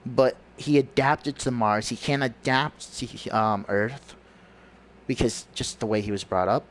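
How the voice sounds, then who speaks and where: A man's voice: medium pitch, measured pace, slight background noise. A man giving a rambling, preachy monologue on his livestream, often searching for words. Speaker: livestream host.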